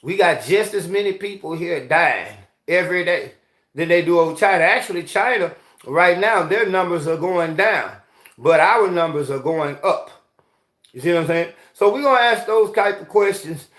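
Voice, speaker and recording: A man's voice: sits high, lively intonation, normal speed, fairly bright tone, reverberant. A man hosting a rambling, heated commentary monologue, often asking "you see what I'm saying". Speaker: host.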